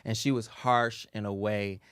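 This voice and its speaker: Low-voiced man telling a story. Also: a little slow, clean tone, dry recording, clean studio sound. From Chicago. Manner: animated storyteller acting out quoted voices. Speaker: podcast co-host, actor. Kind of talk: casual storytelling chat.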